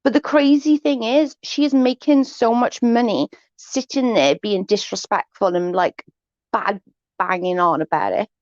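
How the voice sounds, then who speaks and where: A woman's voice: a little high, unhurried, darkish tone, no echo, dull audio. A woman hosting a casual livestream, reading viewer chat and giving blunt, sarcastic, gossipy opinions.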